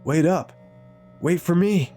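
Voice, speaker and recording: A man's voice: a little high, slow, mellow, soft background music, pitched above the performer's own voice. A man voicing an unseen woods creature that mimics a boy's voice and calls out pleadingly from a distance.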